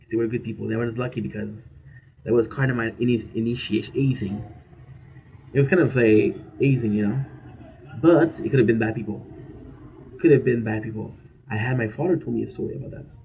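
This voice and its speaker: A man with a gravelly, dark voice chats through a gaming stream. He rambles from story to story, says his phrases twice, and swears in an easy, offhand way. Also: medium pitch, a little hiss or hum, rough recording. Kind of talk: casual storytelling while gaming.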